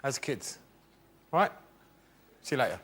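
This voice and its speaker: A comedian putting on a breezy, chummy passer-by making quick small talk. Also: mid-range voice, big pitch swings, background noise, natural voice.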